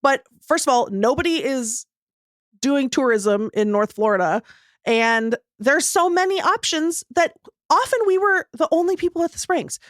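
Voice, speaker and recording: A woman's voice: high voice, expressive, moderate pace, no echo, studio quality. A woman co-hosting a podcast, telling a rambling story in casual chat and laughing often. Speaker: podcast co-host.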